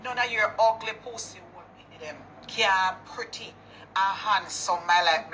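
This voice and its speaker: A woman's voice: medium pitch, lively intonation, normal speed, sharp tone, slight background noise, poor audio. A woman with a Jamaican accent in an angry rant video, cursing and confrontational in patois. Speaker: business owner in a posted clip.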